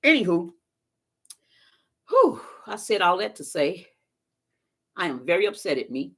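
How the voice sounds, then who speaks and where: A woman's voice: lowish voice, big pitch swings, unhurried, slightly rough. A woman chatting casually to viewers on a live stream, telling stories in a folksy, talkative way. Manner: chatty storyteller, talks straight to viewers, folksy phrasing. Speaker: vlogger doing a live stream.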